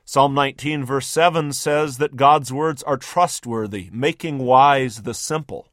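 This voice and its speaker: A man's voice: medium pitch, a little slow, fairly bright tone, no echo, studio quality. A man hosting a radio sermon, narrating a story vividly in the second person with emphatic, scripted delivery. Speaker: radio preacher, host.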